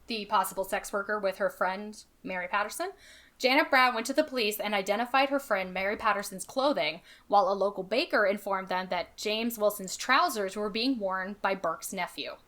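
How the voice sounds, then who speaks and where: A woman's voice: medium pitch, fairly quick, fairly bright tone. A woman co-hosting a podcast, telling a true-crime story in a chatty way, with fillers, and reading quotes aloud. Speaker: podcast co-host.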